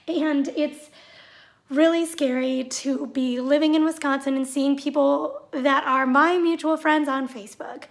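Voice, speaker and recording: A high-voiced woman rants to her viewers in a vlog. She sounds sarcastic and fed up, and her delivery drips with mockery. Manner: sarcastic, exasperated. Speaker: vlogger. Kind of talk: ranting vlog monologue.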